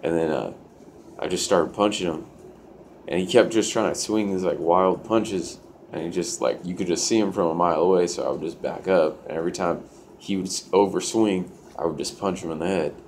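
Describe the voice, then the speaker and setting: A man's voice: low voice, a little fast, darkish tone, slight background noise. A young man telling a personal story in a loose, profane way, full of "like" fillers. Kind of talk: casual storytelling.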